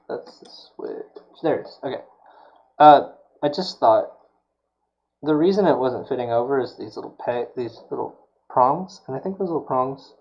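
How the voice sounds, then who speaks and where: A man's voice: medium pitch, vocal fry, a little mellow, muffled recording. A man streaming while he builds a prop, talking casually and muttering to himself, with mild self-scolding as things go wrong.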